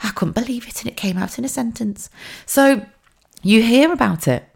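A woman, hosting a podcast as a chatty, animated monologue with frequent laughs and restarts. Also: on the high side, moderate pace, gravelly, breathy edge. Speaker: podcast host.

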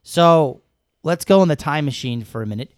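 A man's voice: a little high, animated, moderate pace, no room sound, clean studio sound. A man co-hosting a casual podcast, rambling and joking as he chats with his co-host.

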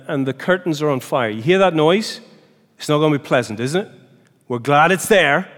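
A man giving a lively church seminar talk, often putting questions to the audience and restarting his phrases. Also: on the high side. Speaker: seminar speaker. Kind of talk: teaching talk. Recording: long hall reverb.

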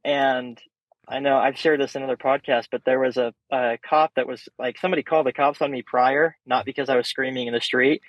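A young man guesting on a podcast, telling stories in a casual, animated way and swearing freely. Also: mid-range voice, a little fast, dry recording. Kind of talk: casual storytelling chat. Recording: dull, slightly muffled sound.

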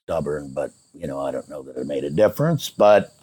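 A man with a very low, husky voice tells a personal story to an interviewer, his pitch rising and falling a lot. He talks casually and acts out the remembered back-and-forth, giving both himself and the other person a voice. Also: fairly quick, no room sound. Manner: animated retelling, voicing both sides of remembered dialogue. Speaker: interview guest.

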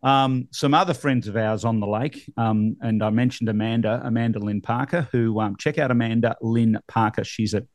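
A man's voice: on the low side, fairly even intonation, moderate pace, hardly any pauses, a little mellow, no room sound. A middle-aged man with an Australian accent, hosting a podcast in casual, rambling chat full of fillers and easy laughs. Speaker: podcast host.

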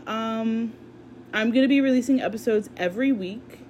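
A woman's voice: fairly high pitch, moderate pace, darkish tone, slight background noise. A woman in her twenties hosting her own podcast, chatting candidly in a rambling, casual way with lots of ums. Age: 20s. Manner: rambling, candid, with frequent ums and self-interruptions. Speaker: podcast host. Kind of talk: casual solo podcast chat. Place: indoors at home.

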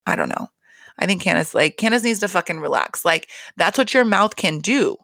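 A woman's voice: on the low side, lively intonation, fairly quick, gravelly, fairly bright tone, dry recording. A woman hosting a casual reality TV recap, talking bluntly with constant swearing and exasperated rants. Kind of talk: casual profane recap chat.

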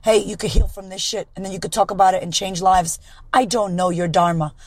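A woman podcast host with a hoarse, raspy voice, delivering a blunt, profane motivational monologue. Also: mid-range voice, fairly even intonation, a little fast, a little mellow, no echo, low-quality recording.

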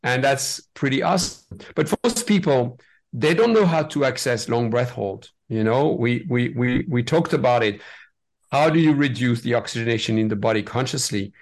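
A man in a mid-range voice who speaks as an explains breathing to an interviewer. He gets enthusiastic and animated, often restarting and repeating words as his ideas rush ahead. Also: mid-range voice, normal speed. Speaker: breathwork facilitator, guest. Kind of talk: interview conversation.

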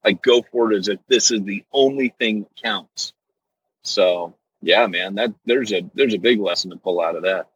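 A man's voice: lowish voice, normal speed, fairly bright tone, husky, dry recording, highs cut off. A man co-hosting a podcast, bantering and joking with enthusiasm in casual chat. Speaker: podcast co-host, author.

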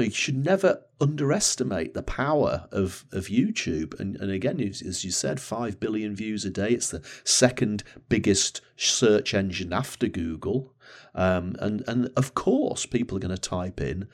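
A man's voice: on the low side, lively intonation, moderate pace. A man co-hosting a podcast, talking conversationally with hesitant restarts. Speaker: podcast co-host. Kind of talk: casual podcast chat.

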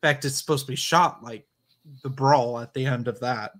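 A man's voice: mid-range voice, normal speed, fairly bright tone. Male co-host, casual film chat, blunt dismissive quips, mid-range voice. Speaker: podcast co-host.

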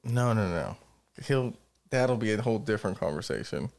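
A man's voice: lowish voice, animated, normal speed, creaky, a little mellow. A man co-hosting a podcast, speaking bluntly and opinionated in casual chat, swearing often. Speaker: podcast co-host.

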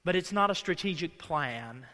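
Male pastor, high bright voice, conversational sermon with acted-out quotes, reverberant church hall. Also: animated, normal speed. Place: church sanctuary.

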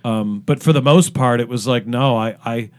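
A man's voice: medium pitch, moderate pace, a little mellow. A middle-aged man from Cleveland, a guest musician telling long stories in a casual interview, full of fillers and restarts. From Cleveland, Ohio. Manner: rambling with many fillers and restarts.

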